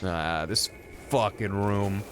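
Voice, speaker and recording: A man's voice: lowish voice, slow pace, background noise. A man streaming a video game, chatting to his viewers in a goofy, swearing, groaning way. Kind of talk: casual live-stream gameplay commentary. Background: video game music.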